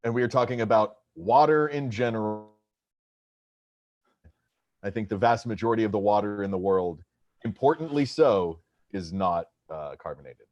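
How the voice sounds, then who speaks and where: A man co-hosting a podcast in casual chat, wry and playful with a deliberate way of talking. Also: fairly low pitch, animated, a little mellow, dry recording, dull audio. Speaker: podcast co-host.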